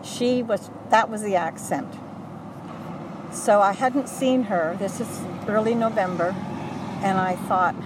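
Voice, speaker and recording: An older woman recounting memories in an earnest, halting way, often correcting herself mid-sentence. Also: medium pitch, distant mic, background noise. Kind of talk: oral history recollection.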